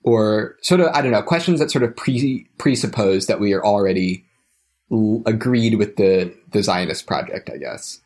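Low-voiced young man, hesitant. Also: lively intonation, moderate pace, a little mellow. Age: young adult. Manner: hesitant, with frequent restarts and trailing phrases. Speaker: guest. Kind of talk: casual conversational storytelling.

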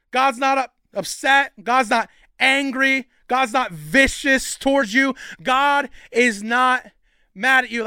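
High, bright-voiced young man preaching. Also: smooth, dry recording, clean studio sound. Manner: energetic, casual slang, rising to shouts. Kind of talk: sermon.

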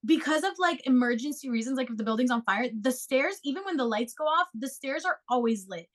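A young woman co-host telling a story in casual chat, animated and swearing freely as she acts out quotes. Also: high-pitched, a little fast.

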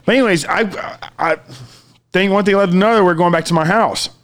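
A man's voice: high-pitched, quick pace, fairly bright tone. A man, co-hosting a casual chat and telling a long story, acting out every quote and swearing freely. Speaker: podcast co-host.

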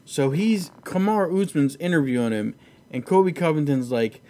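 A man with a slightly higher-than-usual voice hosts a loose podcast chat about fights. He rambles, swears freely, and laughs easily as he talks. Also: lively intonation, normal speed, a little mellow. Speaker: podcast host.

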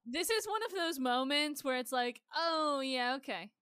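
A woman co-hosting a casual podcast, chiming in with quick jokes about a TV episode. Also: high voice, expressive, bright, forceful tone, no echo, clean studio sound. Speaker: podcast co-host. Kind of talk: casual TV recap chat.

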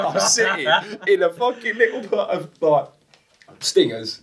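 A man on a football podcast, swearing freely and telling a lively story in casual chat. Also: a little high, brisk, distant mic. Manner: swears a lot, animated anecdotes. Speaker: podcast co-host.

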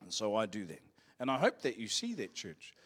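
A man's voice: lowish voice, huge pitch swings, fairly quick, fairly bright tone, slightly rough. A man with a New Zealand accent, a pastor preaching a live church sermon, telling a personal story in a jokey, playful way and getting the congregation to call out phrases. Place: church service.

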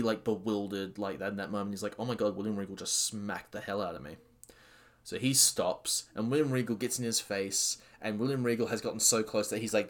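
A man casually recapping a wrestling match, excited and rambling, with many fillers and restarts. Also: lowish voice. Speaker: wrestling fan commentator.

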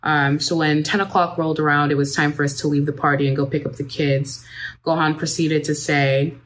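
A woman reading a first-person account aloud at a measured, steady pace. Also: low-pitched. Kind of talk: read first-person statement.

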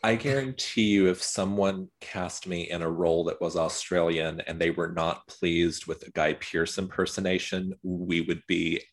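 Deep voiced guy cohosting a podcast on a video call, lots of laughing, talks in quick bursts. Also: fairly even intonation. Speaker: podcast co-host. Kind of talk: casual chat.

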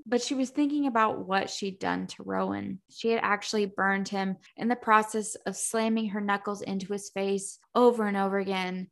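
A young woman with a bright, forceful, mid-range voice and some vocal fry hosts a laid-back book-recap podcast at a moderate pace. She talks in an animated, profane rush, laughs a lot, and drops into small acted-out character voices.

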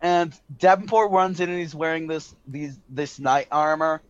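A male game master narrates and pauses often, restarting his sentences. His voice sits a bit high. The recording is dull, lo-fi and dry. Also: clean tone, no room sound. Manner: rambling, full of fillers and restarts.

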